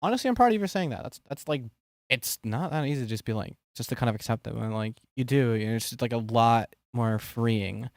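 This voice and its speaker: A man's voice: medium pitch, brisk, no echo, clean studio sound. A man streaming live, chatting casually with his viewers, rambling with fillers and giggling often.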